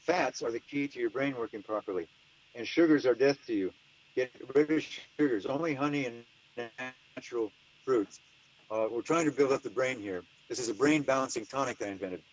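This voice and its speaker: Older guy rambling on in an interview, emphatic, mid-pitched voice. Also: rough recording. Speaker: interview guest. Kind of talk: casual interview talk.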